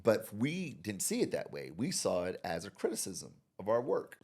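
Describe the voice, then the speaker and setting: American guy, low-ish voice, super animated, slips into characters when he tells a story. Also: moderate pace. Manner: animated, acts out quoted people with big jumps in voice. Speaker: podcast guest, marketing expert. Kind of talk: conversational interview storytelling.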